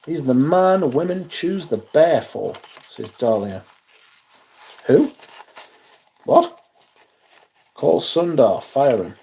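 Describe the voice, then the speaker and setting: A man's voice: mid-range voice, darkish tone, husky. A man hosting a livestream, chatting casually, reading out comments and swearing in exasperated asides. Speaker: livestream host.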